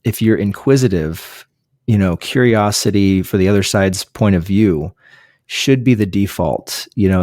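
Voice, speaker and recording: A pastor chatting as a podcast guest, discussing a book casually with many restarts and fillers. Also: male voice, low voice, a little slow, a little mellow, no room sound, studio quality.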